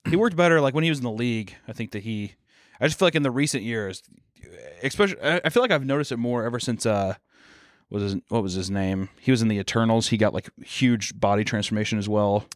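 A young man co-hosting a podcast, talking in loose, animated riffs with a mid-pitched voice. The recording is dry and close, with no room sound around him. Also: no echo. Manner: animated, swearing, quick jokey riffs with put-on quotes. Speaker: podcast co-host. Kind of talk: casual chat.

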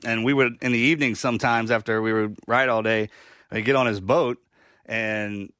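A man's voice: mid-range voice, steady tone, moderate pace, pushed and bright, no room sound, studio quality. A man hosting a podcast, a military veteran, telling stories in a loose, casual way. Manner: loose, swearing storyteller. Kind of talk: casual chat.

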